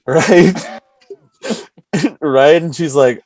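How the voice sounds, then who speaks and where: Laughing, animated male podcast host. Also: slow pace, long pauses, no room sound. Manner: laughing storyteller who acts out squeaky high character voices; frequent "like" and "right?" tags. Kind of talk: casual chat.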